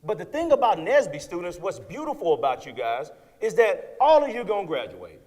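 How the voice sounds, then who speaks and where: A man in his thirties giving an energetic motivational keynote to students, often checking in with "right?". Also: sits high, brisk. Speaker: keynote speaker. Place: lecture hall with audience. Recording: long hall reverb.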